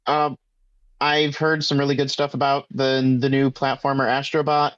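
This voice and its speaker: A laid-back man co-hosting a podcast, his voice at a middle pitch. He thinks aloud, with lots of "uh" and "like". The sound is dull and lo-fi, and dry. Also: normal speed, no room sound. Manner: relaxed, thinks aloud with many fillers. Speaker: podcast co-host. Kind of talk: casual chat.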